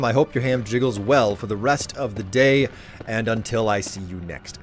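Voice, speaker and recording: A man's voice: medium pitch, moderate pace. A male streamer talking casually to his chat while gaming, rambling and friendly toward viewers. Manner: rambling, chatty, warmly addresses viewers.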